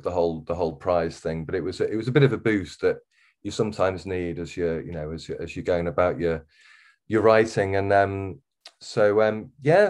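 A man with a Wirral accent, a podcast guest, talking casually and haltingly with many ums and restarts. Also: deep voice, a little mellow. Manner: hesitant, full of ums and restarts. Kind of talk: casual interview chat.

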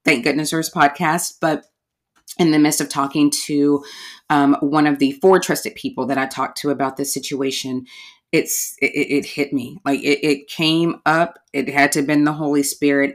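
Low-voiced chatty woman podcaster. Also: steady tone, normal speed. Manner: chatty, candid, addresses listeners as y'all. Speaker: podcast host. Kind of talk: casual podcast monologue.

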